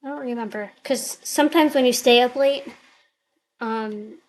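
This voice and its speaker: A woman's voice: on the high side, moderate pace, poor audio. A woman vlogger chatting casually to camera, thinking aloud in an upbeat, rambling way, recorded on a computer webcam mic.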